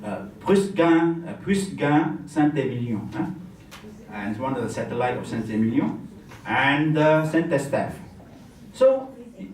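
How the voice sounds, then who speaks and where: A man's voice: a little high, darkish tone, a little hiss or hum. Man, teacherly, joking, distant mic, echoey function room. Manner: jokey, teacherly, tags lines with "huh?". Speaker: wine masterclass presenter. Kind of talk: live masterclass talk.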